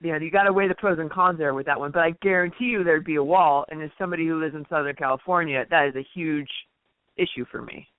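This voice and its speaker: A woman co-hosting a political talk radio show, speaking in an indignant, forceful way. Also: low voice, fast, no echo. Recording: dry, phone-like radio sound.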